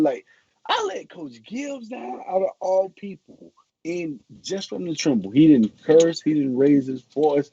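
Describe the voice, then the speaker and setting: A man's voice: on the high side, big pitch swings, a little slow, mellow, slightly rough, no echo. A man, a former pro football player, telling a story animatedly on a video call, acting out quotes with many restarts. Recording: muffled call audio.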